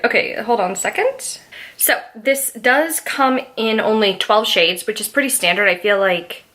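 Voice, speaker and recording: A woman's voice: medium pitch, a bit bright. A woman reviewing a foundation in a casual beauty vlog, chatty and apologetic, with the hiccups. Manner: chatty, apologetic, reads labels aloud. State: has the hiccups. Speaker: beauty vlogger.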